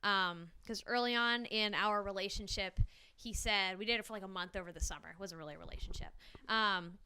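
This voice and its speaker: A woman's voice: mid-range voice, brisk, sharp tone, a little hiss or hum. A young woman doing a stand-up comedy set before a small live audience, chatty and self-deprecating with frequent ums and laughs.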